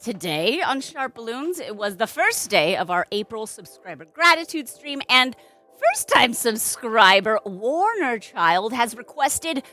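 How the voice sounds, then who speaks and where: A woman's voice: on the high side, sing-song, measured pace, pushed and bright, faint music behind. A young adult woman streaming live at home, chatting casually with a playful, sing-song manner. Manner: playful, sing-song baby talk to her cat. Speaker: streamer and balloon artist.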